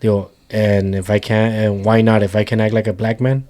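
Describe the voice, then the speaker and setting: A man's voice: on the low side, little pitch movement, fairly quick, warm tone. A man co-hosting a casual talk show, chatting loosely and swinging between English and Spanish with plenty of swearing. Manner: switches between English and Spanish mid-sentence, swearing freely. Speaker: podcast co-host. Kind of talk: casual chat.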